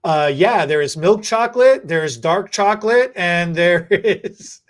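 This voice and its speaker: A podcast host in casual chat, joking and rambling, often restarting sentences. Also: unhurried. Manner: animated, joking, rambling with restarts and repeated words; mock infomercial pitch. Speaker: podcast host and stylist educator.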